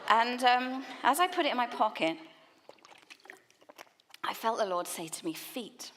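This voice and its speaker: A woman speaking at a church leaders' conference, telling a lively story in a sermon talk, laughing and using quick asides. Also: a little high, some chatter behind, slight background noise. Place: conference hall.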